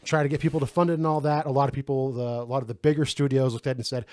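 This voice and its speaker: A man's voice: medium pitch, flat delivery, very fast, darkish tone, no echo, studio quality. A man co-hosting a casual movie review chat, swearing freely and slipping into mock impressions. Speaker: podcast co-host.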